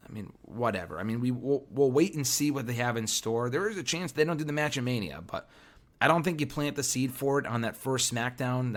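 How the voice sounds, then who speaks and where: A man hosts a solo wrestling podcast, his voice hoarse and worn as if he is losing it. He talks in an opinionated way and thinks aloud with frequent fillers. His voice sits at an ordinary mid pitch. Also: a bit bright. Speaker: podcast host.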